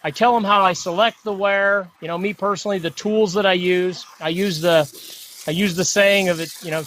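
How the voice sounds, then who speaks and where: A man's voice: high voice, fairly even intonation, a little fast, fairly bright tone, slight background noise. A middle-aged man talking casually on a podcast as a guest, rambling and repeating himself. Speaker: mule deer hunting guest.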